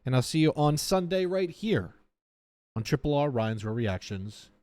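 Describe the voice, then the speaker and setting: A man's voice: on the high side, sing-song, moderate pace, a little mellow, dry recording. Blunt man reacting, dry sound. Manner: blunt, heated, talks straight to viewers. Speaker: reaction video host. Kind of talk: casual reaction commentary.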